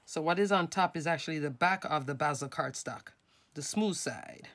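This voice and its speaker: A woman's voice: deep voice, normal speed, a bit bright. A woman hosting a craft tutorial, talking casually and instructively while she works step by step with her hands. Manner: chatty, instructive, talks while working with hands.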